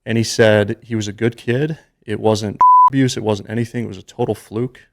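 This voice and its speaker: A man's voice: lowish voice, steady tone, fairly quick, fairly bright tone. A man in his thirties, a podcast guest, earnestly telling a personal story with frequent fillers. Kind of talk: storytelling in a casual interview.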